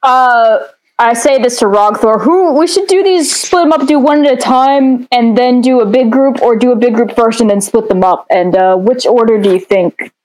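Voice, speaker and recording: Excitable high-voiced woman player. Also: moderate pace, rough recording. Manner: excitable, joking, profane. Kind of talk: casual tabletop game play.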